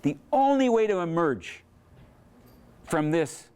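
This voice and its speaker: An author giving an earnest, reflective talk at a bookstore event. His voice swings lively and a touch high for a man, with long dramatic pauses that let lines sink in. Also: smooth. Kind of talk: public talk with poetry reading.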